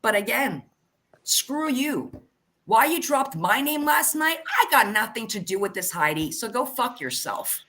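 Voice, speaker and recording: Woman streamer mid-rant: swings her pitch widely, bright edge, profane callouts. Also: big pitch swings, a little slow. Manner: heated, profane, calls people out. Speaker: livestream host. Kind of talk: angry livestream rant.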